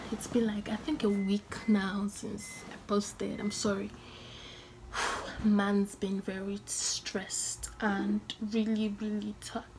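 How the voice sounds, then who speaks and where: Young woman, casual vlog story, dramatic, whispered asides, mid-pitched voice. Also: noisy background. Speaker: vlogger.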